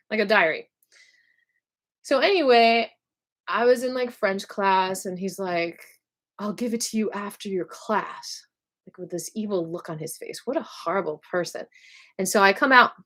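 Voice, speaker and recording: A woman singer telling rambling school stories on a casual live stream, animated and full of asides. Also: mid-range voice. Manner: dramatic bursts when quoting herself.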